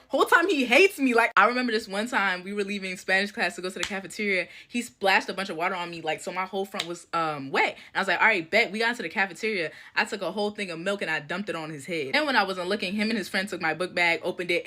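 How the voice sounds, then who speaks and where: A young woman in her late teens tells a funny story, animated and full of slang. Her voice is bright and forward, and she keeps a playful, joking tone throughout. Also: medium pitch. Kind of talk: comedic story time.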